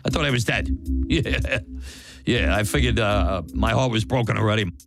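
A man's voice: fairly low pitch, moderate pace, creaky. A man candidly retelling a memory from his youth, acting out quotes and laughing as he goes. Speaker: storyteller recalling his own experience. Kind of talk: personal storytelling. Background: music.

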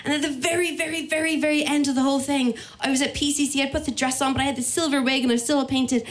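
Irish woman, kinda high voice, telling a funny story on herself, does all the voices. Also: fast talker. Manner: lively, self-mocking, acts out quoted voices. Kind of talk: comic personal story told to an audience.

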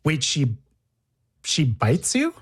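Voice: mid-range voice, wildly swooping pitch, slow pace, slightly rough. An interviewer asking curious follow-up questions and reacting with short interjections.

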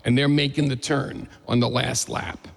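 A man voicing a male co-driver coaching him through a race, gravelly and steady. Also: mid-range voice, moderate pace, long reverb tail.

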